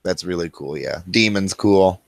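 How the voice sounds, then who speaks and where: A young man co-hosting a podcast, deadpan and contrarian, swearing freely in crude banter. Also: low voice, normal speed, vocal fry, no echo, studio quality. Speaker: podcast co-host.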